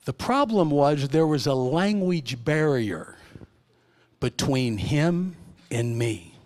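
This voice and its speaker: A middle-aged man preaching a sermon in church, telling stories animatedly and swinging between loud and hushed. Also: on the high side, animated, slow.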